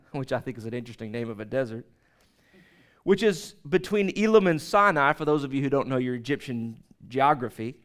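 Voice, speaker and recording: A man preaching a sermon in a conversational, animated storytelling way, with asides to the congregation. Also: on the high side, moderate pace, clean tone. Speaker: pastor.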